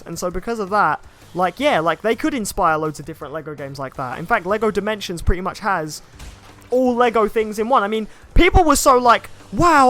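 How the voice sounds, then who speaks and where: Young male streamer, high voice, loose rambling commentary with chat replies, soft game music behind. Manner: chatty, rambling, reads chat comments aloud. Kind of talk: casual live-stream commentary.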